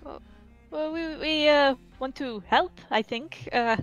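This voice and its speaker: A woman playing a character in a tabletop game, halting and stammering as she speaks. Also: high-pitched, highs cut off, music in the background. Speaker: player. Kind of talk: in-character tabletop role-play.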